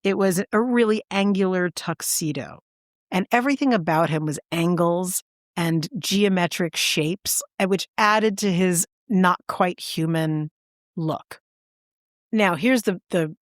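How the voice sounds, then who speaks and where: A woman with a lowish voice tells a story in casual chat, eager and animated. She jumps up in pitch to stress her words. The recording is dry and close. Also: a little slow, dry recording. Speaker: podcast co-host.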